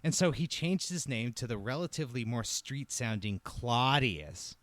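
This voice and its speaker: A man telling a comedic history story on a podcast, wry and profane, with lively delivery. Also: mid-range voice, moderate pace, no echo.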